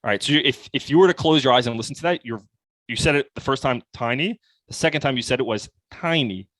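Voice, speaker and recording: A young man, a sales coach guest on a podcast, explaining his methods in a casual, animated way with lots of "like.". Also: mid-range voice, fast talker, no echo. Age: young adult. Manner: casual, animated, heavy use of "like". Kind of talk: conversational podcast interview.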